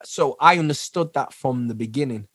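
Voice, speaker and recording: A man guest on a podcast, telling lively stories, acting out what people said and laughing often. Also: mid-range voice, moderate pace, slightly rough, dry recording. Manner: animated storyteller who acts out quotes and laughs often. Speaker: guest, dancer, singer and actor. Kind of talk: casual interview chat.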